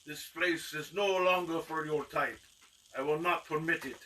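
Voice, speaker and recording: A man voicing a grandiose male stage magician who bellows slow, theatrical threats. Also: a little high, steady tone, pushed and bright, pitched above the performer's own voice. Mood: menacing. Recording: distant mic with faint noise.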